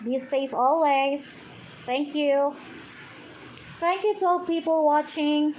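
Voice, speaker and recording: A woman's voice: high voice, steady tone, takes it slowly, a little mellow, a little hiss or hum, low-quality recording. A woman vlogger chatting casually and talking sweetly to her pet birds in a coaxing, sing-song way. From Philippines. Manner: coaxing, sing-song baby talk to birds, mixing English and Tagalog.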